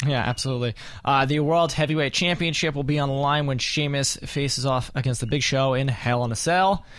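A man's voice: mid-range voice, brisk, fairly bright tone, no room sound. Man hosting casual podcast banter. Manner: runs the segment, reading out matches and taking picks. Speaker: podcast co-host. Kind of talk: casual wrestling chat.

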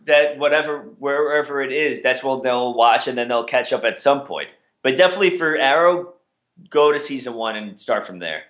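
Man, podcast co-host, casual chat, easygoing, halting, roomy echo. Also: medium pitch, expressive, a bit bright. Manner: easygoing, hesitant, many fillers and restarts.

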